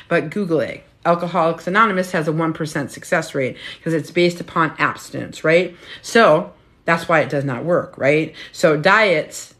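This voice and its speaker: A woman's voice: on the low side, a bit bright. A woman in her fifties, a weight loss coach, giving a casual motivational talk in a blunt, profane, preachy way, often tagging on "right?". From United States.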